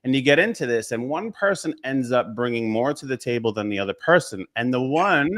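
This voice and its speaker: A man from Long Island, New York, a business coach speaking as a guest on a talk show, who makes his points in quick lists of short phrases. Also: mid-range voice, lively intonation, a bit bright. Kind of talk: casual talk show conversation.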